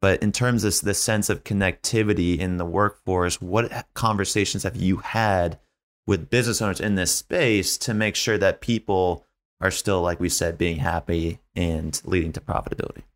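A man's voice: deep voice, steady tone, moderate pace. A man hosting a casual interview and asking easygoing questions. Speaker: host.

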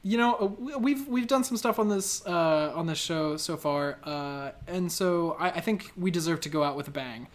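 A man co-hosting a casual comedy podcast, running a quiz game, talking hesitantly with many restarts and letting his sentences trail off quietly. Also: a little high, normal speed, few pauses. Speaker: podcast co-host and quiz presenter.

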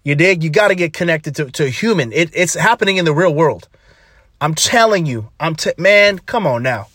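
Male podcast host, punchy slang-heavy motivational delivery, slightly high pitch. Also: expressive, moderate pace, a bit bright, slightly rough, dry recording, studio quality. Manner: emphatic, slangy, repeats phrases for punch.

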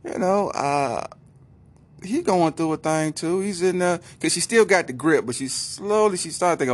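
A man telling a comic story in a slangy, animated way, acting out the characters. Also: high-pitched, normal speed.

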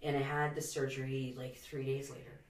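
A woman in her forties with a raspy, smoker-like voice, a podcast guest who talks candidly with rambling asides and self-deprecating humor. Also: rumbling low, flat delivery, normal speed, recorded from a distance. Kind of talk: casual interview conversation. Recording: roomy echo, a bit off mic.

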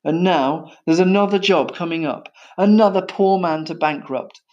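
A man's voice: high-pitched, moderate pace, a little mellow, lo-fi sound, voice pushed up, natural voice. A man voicing a mournful, fussy male white elephant who complains dramatically.

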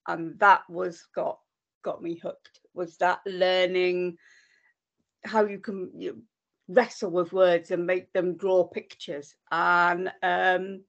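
A woman's voice: on the low side, little pitch movement, slow pace, creaky, muffled recording. A woman with a Welsh accent, chatting casually as an author guest on a podcast in a self-deprecating way. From Wales. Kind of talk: casual interview chat.

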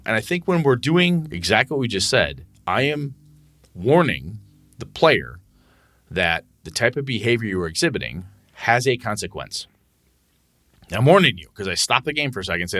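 A man's voice: low voice, very animated, moderate pace, fairly bright tone, no echo. A man on a casual podcast, a game master who talks bluntly and profanely and acts out what he says to his players.

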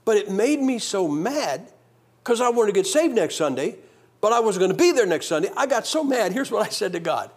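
A man preaches a revival sermon, telling his own testimony in animated storytelling that swings from loud to hushed. His voice is high-pitched, fairly quick, and slightly rough.

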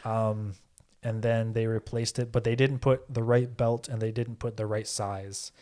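Casual podcast co-host, man, steady flat delivery, rambling and profane. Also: fairly low pitch, a little slow. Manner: rambling storytelling, frequent swearing and fillers. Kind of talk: casual chat.

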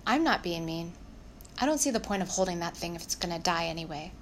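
A woman voicing a blunt, scruffy young girl who talks in a flat, matter-of-fact way. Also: lowish voice, quick pace, a little hiss or hum.

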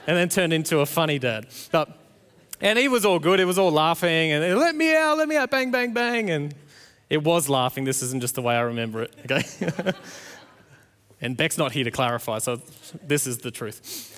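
A man's voice: a little high, normal speed, a bit bright. A man, preaching a sermon and telling a family story, acting out the playful quotes. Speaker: pastor. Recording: long hall reverb.

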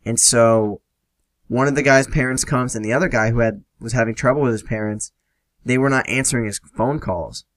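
A man's voice: mid-range voice, brisk, a bit bright, dry recording. Rambling young man telling a story. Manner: rambling, frequent "like" fillers, swearing. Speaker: podcast host. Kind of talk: casual storytelling.

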